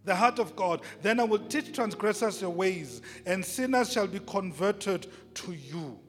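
High-voiced impassioned male preacher. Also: lively intonation, measured pace. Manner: impassioned, repetitive preaching with loud peaks and soft asides. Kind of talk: sermon. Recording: long hall reverb, faint music behind.

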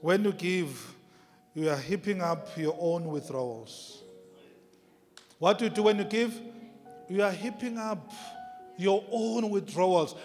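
A man's voice: sits high, measured pace, long pauses, a little mellow. A male pastor preaching a sermon with emphasis, repeating key phrases and drawing out words. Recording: long reverb of a large hall, faint music.

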